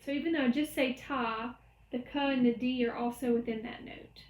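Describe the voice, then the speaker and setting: A woman's voice: a little high, steady tone, normal speed. A woman music teacher giving a recorded lecture, explaining rhythm step by step and chanting the syllables. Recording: echoey room.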